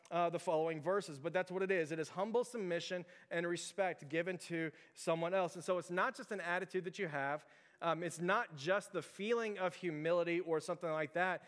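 Fast-talking pastor in an echoey hall. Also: male voice, a little high, fairly bright tone. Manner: conversational, storytelling, lots of fillers. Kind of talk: sermon.

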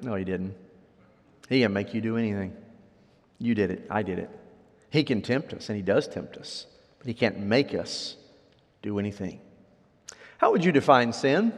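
A man preaching a sermon as pastor. He swings from loud, high outbursts down to quiet, low endings, and he voices imagined objectors in a raised pitch. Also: normal speed, long pauses, big-room sound.

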